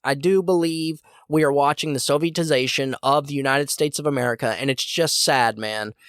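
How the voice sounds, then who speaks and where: A man's voice: mid-range voice, normal speed, a bit bright, clean tone, no room sound, studio quality. A man hosting a podcast, delivering a heated, repetitive political commentary monologue. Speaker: podcast host.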